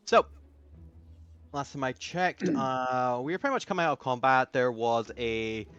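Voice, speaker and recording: A man running a tabletop game as game master, describing the action in a halting way with lots of fillers, over an online voice call. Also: mid-range voice, animated, a bit bright, clean tone, no echo, dull audio.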